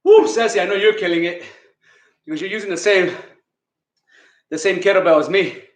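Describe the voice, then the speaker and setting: A man's voice: sits high, moderate pace, reverberant. Breathless male fitness coach counting reps. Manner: counts reps aloud, coaching cues, chatty. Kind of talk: live online workout class.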